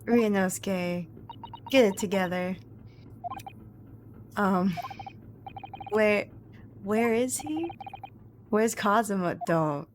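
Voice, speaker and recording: A young woman streamer commenting on a story game with animated, giggly, dramatic reactions. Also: medium pitch, very slow, long pauses.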